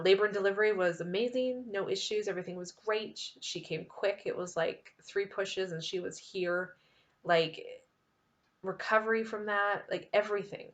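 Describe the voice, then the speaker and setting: A woman's voice: fairly low pitch, a bit bright. A woman in her thirties telling a personal story to the camera in a candid, chatty way, laughing now and then. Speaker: vlogger.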